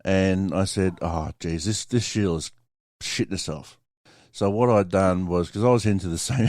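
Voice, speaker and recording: Low-voiced Australian man telling a story. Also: darkish tone, dry recording, clean studio sound. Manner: swears often, laughs through his story. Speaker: podcast host. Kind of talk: casual storytelling chat.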